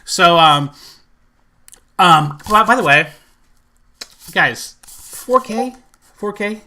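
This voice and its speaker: A man chatting casually in a collection vlog, rambling and excitable, full of fillers. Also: high voice, very slow, long pauses. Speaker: movie collector vlogger.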